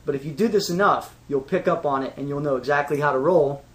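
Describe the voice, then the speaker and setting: A man's voice: on the high side, quick pace, a bit bright. A man from Pittsburgh with a Pittsburgh accent, teaching awareness skills in a casual, self-assured, conversational way with frequent restarts. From Pittsburgh, United States. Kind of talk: casual spoken lesson.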